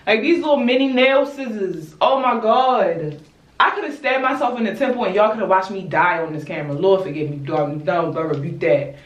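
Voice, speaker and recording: A young woman from Baltimore chatting casually with viewers while she does her hair, animated and blunt, calling them y'all and swearing freely. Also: medium pitch. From Baltimore, USA. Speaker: YouTuber. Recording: roomy echo, distant mic.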